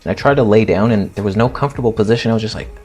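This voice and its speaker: A man's voice: on the low side, very fast, a little mellow. A man in his thirties telling a personal story in a blunt, dramatic and self-mocking way, acting out his own reactions. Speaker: fitness influencer telling a story.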